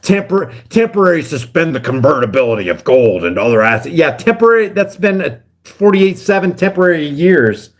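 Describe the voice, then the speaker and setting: Animated man ranting on a livestream. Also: fairly high pitch, fairly quick, few pauses. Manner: rambling, heated rants. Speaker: guest livestreamer. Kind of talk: casual livestream talk.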